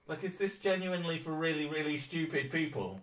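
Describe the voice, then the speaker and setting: A man who streams, reading an article aloud in casual chat, swearing and mocking it with frequent laughs. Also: fairly high pitch.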